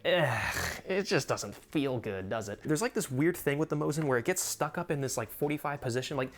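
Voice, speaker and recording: A man's voice: medium pitch, lively intonation, brisk. Rambling young American man, swearing casually. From United States. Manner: rambling, swears freely when annoyed, laughs often. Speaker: gun collector video host. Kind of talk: casual chat.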